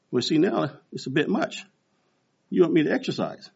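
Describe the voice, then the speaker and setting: A man in his sixties, a pastor, preaches a sermon full of stories, giving animated voices to the people he quotes. His mid-range voice is husky with vocal fry, he keeps a moderate pace with long pauses, and the recording is dull and lo-fi.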